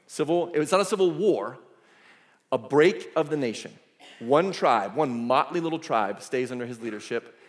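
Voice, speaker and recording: A male pastor delivering a sermon, telling the story in a lively, casual way with asides. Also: medium pitch. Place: church sanctuary. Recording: echoey church hall.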